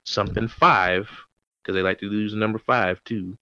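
A man's voice: fairly low pitch, steady tone, moderate pace, sharp tone, clear, resonant tone, dry recording, dull audio. A man co-hosting a podcast, rambling in casual chat about old TV shows. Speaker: podcast co-host.

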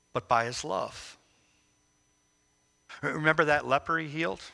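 A man giving devotional Bible teaching, emphatic, with rhetorical questions and slow, stressed phrases. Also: a little high, sharp tone. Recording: long reverb as in a hall.

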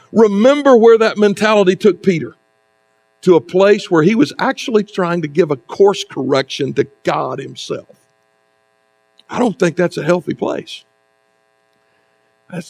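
High-voiced man preaching conversationally. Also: a little mellow. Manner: conversational preaching with rhetorical asides and dramatic pauses. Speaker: pastor. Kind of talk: sermon.

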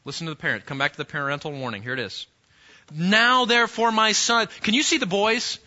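A man teaching a sermon-style Bible lesson, animated and acting out the scenes he describes, often repeating himself. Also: a little high, racing, lo-fi sound.

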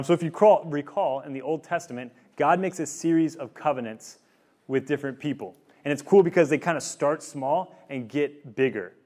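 Chatty young-dad speaker, many likes. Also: male voice, a little high, darkish tone. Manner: rambling, filler-heavy storytelling with many likes. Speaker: campus ministry speaker. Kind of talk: casual teaching talk. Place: room with a student group.

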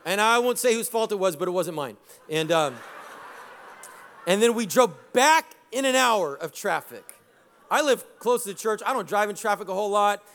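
A middle-aged man preaching a sermon as pastor, lively and exhorting, mixing scripture with personal stories. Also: high-pitched, moderate pace. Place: church sanctuary. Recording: long hall reverb in a church.

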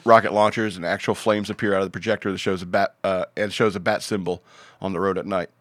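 A man's voice: sits low, flat delivery, quick pace, fairly bright tone, no echo. A man hosting a podcast, reading out odd news stories in a rambling, joking way with many fillers. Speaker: podcast host.

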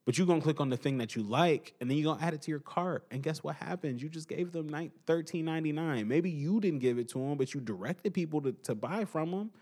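A young man hosting a podcast, giving an animated casual opinion monologue and repeating his points for emphasis. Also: a little high, quick pace, few pauses. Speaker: podcast host.

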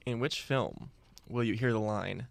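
A young man hosting a casual movie trivia game, reading questions slowly and deliberately. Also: fairly low pitch, creaky, no room sound. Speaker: quiz host.

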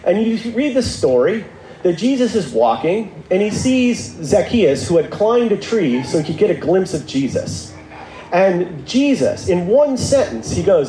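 A man giving a sermon, retelling stories in a conversational way and dropping into a lower voice for quoted lines. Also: sing-song, moderate pace, echoey room, noisy background. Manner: storytelling, acting out quotes in a lower voice; conversational, with asides and restarts. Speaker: preacher.

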